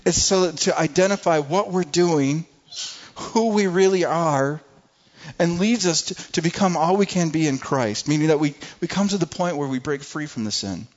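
A man's voice: a little high, moderate pace. A man preaching a sermon with emphasis, often repeating words as he restarts. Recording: muffled lo-fi recording.

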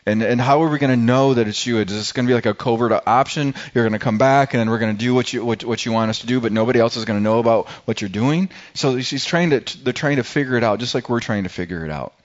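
A man's voice: medium pitch, highs cut off. A man preaching a sermon in a casual, conversational way, often restarting and repeating words. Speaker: pastor. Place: church service.

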